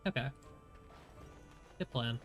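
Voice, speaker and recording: A man's voice: slow, fairly bright tone. A congested man chats through a game stream, joking at his own expense. His voice sits mid-range. Faint game music plays in the background. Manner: chatty, self-deprecating. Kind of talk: casual gameplay commentary.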